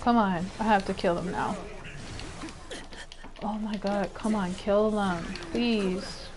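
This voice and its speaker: A woman's voice: medium pitch, takes it slowly. A young woman streaming a game, chatting casually, exclaiming and rambling as she plays. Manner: excitable, exclaims and rambles while gaming. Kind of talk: casual gameplay chat.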